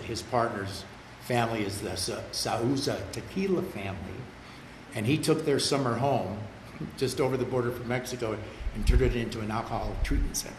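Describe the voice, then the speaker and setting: Older man telling his recovery story. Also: medium pitch. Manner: earnest, conversational, repeats words when emotional. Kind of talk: personal storytelling. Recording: roomy with faint background noise.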